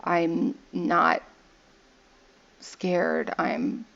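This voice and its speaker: A young woman with a gravelly, creaky voice rambles playfully as she opens digital card packs, reading rules text and poking fun at the art. The recording is a little dull and lo-fi. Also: fairly low pitch, monotone, very slow, a bit bright. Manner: chatty and playful, reads card text aloud and jokes about the art. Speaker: gaming video host. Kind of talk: casual commentary while opening card packs.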